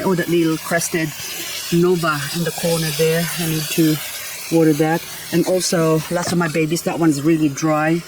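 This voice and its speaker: A woman's voice: deep voice, a little mellow, slight background noise, poor audio. A woman vlogging as she waters her garden. She chats casually and talks fondly to her plants. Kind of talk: casual chat while working.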